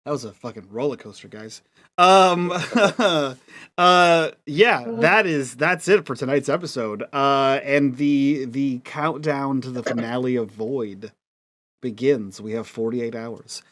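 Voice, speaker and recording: A man's voice: medium pitch, takes it slowly, a bit bright. A man hosting, wrapping up a tabletop game stream in a loose, chatty way with casual swearing. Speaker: host. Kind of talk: casual show outro.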